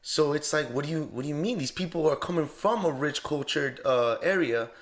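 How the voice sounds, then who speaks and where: A man's voice: fairly high pitch, fairly quick. A man hosting a podcast, responding earnestly and reflectively in casual chat. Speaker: podcast host.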